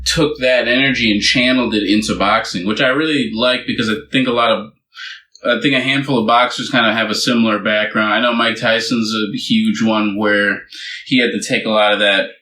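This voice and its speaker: A man's voice: on the low side, fairly even intonation, brisk, bright, forceful tone, echoey room, a little hiss or hum. A man co-hosting a podcast in loose, rambling casual chat, full of fillers and restarts. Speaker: podcast co-host.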